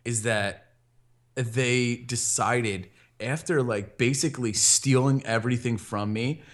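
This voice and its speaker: A young man casually telling a funny anecdote, laughing often, rambling with fillers, and jumping into animated voices when he quotes people. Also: medium pitch, slow pace.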